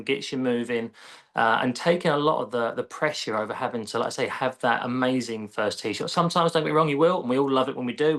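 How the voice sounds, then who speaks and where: A man with an English accent, a golf coach explaining his approach in a casual interview. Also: mid-range voice. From England. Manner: relaxed, explanatory, conversational.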